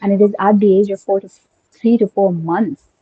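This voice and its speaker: A woman's voice: mid-range voice, fairly even intonation, brisk, breathy edge, no echo, phone-quality sound. A young woman whose first language is Urdu, talking eagerly in casual conversation and thinking aloud with many fillers and restarts. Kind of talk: casual conversation about linguistics.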